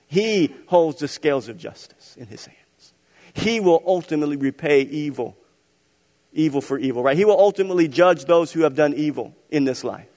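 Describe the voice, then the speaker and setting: Pastor preaching in a reverberant hall. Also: male voice, a little high, animated, moderate pace. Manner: dynamic preaching, swinging from loud emphatic to soft and hushed. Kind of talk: sermon. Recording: long reverb of a large hall.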